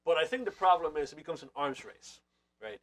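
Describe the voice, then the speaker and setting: A man's voice: fairly high pitch, animated, fairly quick. A man co-hosting a podcast panel, musing and thinking aloud as he builds his point. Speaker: podcast co-host.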